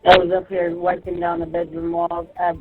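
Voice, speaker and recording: A woman on a phone call with her husband in jail, talking quietly and hesitantly. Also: on the low side, completely flat delivery, moderate pace. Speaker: inmate's wife on a phone call. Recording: tinny phone line, faint music.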